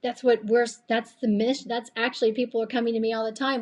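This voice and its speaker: A woman's voice: a little high, level tone, quick pace, few pauses, darkish tone. A woman with a slightly tired voice giving an earnest, chatty faith-based motivational talk on a live stream, rambling and laughing often. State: voice a bit tired late at night. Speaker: live-stream host and coach.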